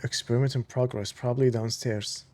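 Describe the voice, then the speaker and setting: Excited man reading game documents aloud. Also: mid-range voice, fairly quick, a little hiss or hum. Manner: reads in-game documents aloud, enthusiastic fan asides. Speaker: gamer playing through a story game. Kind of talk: casual let's-play commentary.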